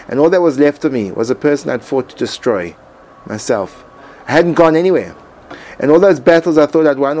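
A man and Torah teacher reading his own personal essay aloud in an earnest, emotive way with dramatic pauses. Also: mid-range voice, darkish tone, a little hiss or hum, poor audio.

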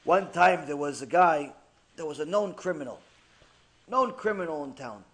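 High-voiced animated preaching man. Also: moderate pace. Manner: animated storyteller, acting out characters, swings from loud to hushed. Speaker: rabbi teaching a class. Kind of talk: sermon.

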